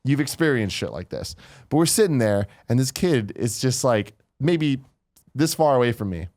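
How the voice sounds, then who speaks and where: Dude telling a crazy story on a podcast, average pitch, super animated, swearing a lot. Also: male voice, normal speed. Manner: animated, swears freely, acts out quotes. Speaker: podcast host. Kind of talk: casual storytelling.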